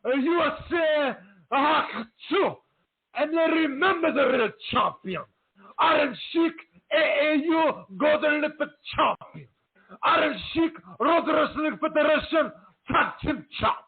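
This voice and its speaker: A man doing an impression of a famous wrestler, shouting a broken-English promo in a heavy put-on accent. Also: very high-pitched, lively intonation, a little slow, creaky, pitched above the performer's own voice, full character voice. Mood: bombastic. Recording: tinny phone-like line.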